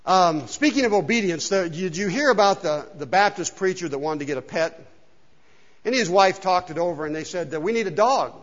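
A man's voice: sits high, animated, fairly quick. A male pastor preaching a casual, joking sermon and asking the congregation questions, recorded in a church hall. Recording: dull sound with long hall reverb.

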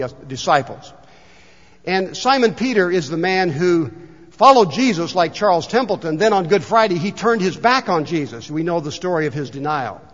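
Man preaching in a reverberant church. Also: sits high. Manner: storytelling, reads book passages aloud slowly. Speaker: pastor. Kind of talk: sermon. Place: church sanctuary. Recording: long hall reverb, dull lo-fi sound.

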